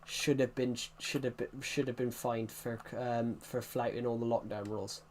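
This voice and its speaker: Speaking at normal speed in a medium-pitched voice with little pitch movement, this British livestreamer rambles casually, voicing opinions and often restarting. A little hiss or hum can be heard in the recording.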